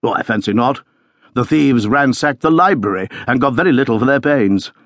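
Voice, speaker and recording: A man voicing a hearty older country colonel who talks in a brisk, genial, matter-of-fact way. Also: medium pitch, fairly bright tone, no room sound, clean studio sound, pitched above the performer's own voice, close to an everyday voice.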